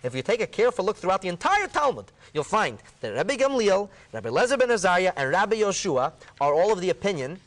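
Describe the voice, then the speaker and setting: A rabbi with a high voice explains a Talmud passage in a discussion, talking fast with few pauses. He's emphatic and animated, acting out the quoted dialogue.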